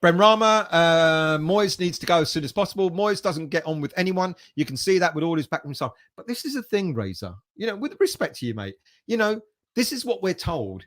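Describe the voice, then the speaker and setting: A man's voice: high-pitched, animated, a little fast, a bit bright. A man hosting a fan livestream, reading viewer comments aloud and chatting casually, with the odd bit of swearing. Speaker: fan channel host reading live chat.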